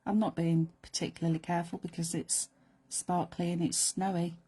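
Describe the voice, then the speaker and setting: Her voice is husky, fairly low and level, moving at a moderate pace. In her craft studio, this middle-aged woman runs a live craft demo with a chatty, playful manner, occasionally slipping into soft whispered asides as she works.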